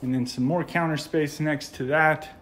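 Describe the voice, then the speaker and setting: A man's voice: fairly high pitch, steady tone, moderate pace, a bit bright. Enthusiastic American man touring a home. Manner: enthusiastic, gushing. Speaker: home tour vlogger. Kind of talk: casual walkthrough narration. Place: indoors in a model home.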